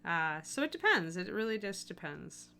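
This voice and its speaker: A woman hosts a relaxed painting stream, thinking aloud as she works and dotting her talk with ums and likes. Her voice sits a little low, with a bright, forceful edge. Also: normal speed, clear, resonant tone. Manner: chatty, thinking aloud with frequent fillers. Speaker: miniature painting stream host. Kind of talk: casual live-stream tutorial talk.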